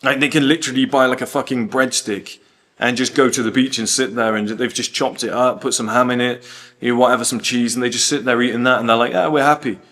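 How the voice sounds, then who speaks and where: A young man talking in a casual vlog, animated and swearing, telling travel stories with quoted asides. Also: mid-range voice, quick pace. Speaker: host.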